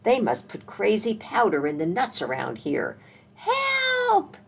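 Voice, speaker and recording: A woman's voice: sits low, big pitch swings, moderate pace, vocal fry, breathy edge, exaggerated voice. A woman voicing a startled, panicky dog in a storybook read-aloud, flustered and yelping. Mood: panicked.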